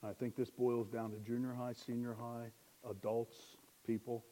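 A man's voice: medium pitch, flat delivery, moderate pace, dark tone. A man preaching a sermon in a conversational way, asking rhetorical questions and joking at his own expense. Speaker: pastor.

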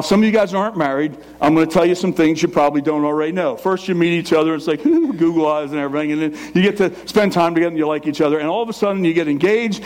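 Older male pastor, high voice, fast emphatic sermon delivery with joking asides. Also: darkish tone.

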